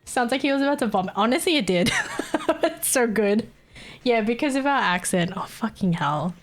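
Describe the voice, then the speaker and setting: A woman's voice: on the high side, animated, moderate pace, soft background music. An Australian woman chatting casually on a live stream, giggling constantly and swearing freely. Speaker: livestreamer.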